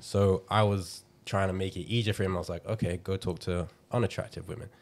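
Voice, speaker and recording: A man's voice: deep voice, fairly even intonation, brisk, vocal fry. A man who coaches confidence, telling a candid story on a casual podcast, laughing and acting out what people said. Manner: candid, laughing, acts out quoted dialogue.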